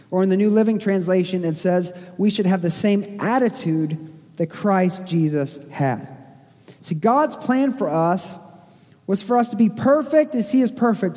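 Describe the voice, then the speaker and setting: Pastor with a high, mellow voice in a reverberant hall. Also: male voice. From Missouri. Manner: conversational preaching, self-deprecating asides, frequent fillers. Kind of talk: sermon. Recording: long church hall reverb.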